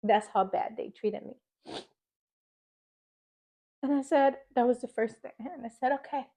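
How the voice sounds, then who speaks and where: A woman's voice: fairly high pitch, a little slow, mellow. Emotional woman telling her birth testimony. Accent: Philadelphia. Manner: emotional, fillers, acts out her own pleading quotes. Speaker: faith vlogger sharing a testimony. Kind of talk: personal testimony, casual storytelling.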